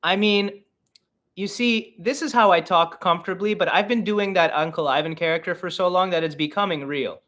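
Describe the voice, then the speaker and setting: A young man from Canada hosts a solo livestream Q&A. His voice sits a little high for a man. He rambles and cracks self-deprecating jokes as he answers fan questions. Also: moderate pace, a bit bright. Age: 20s. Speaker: comedian and podcast host. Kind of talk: casual livestream Q&A.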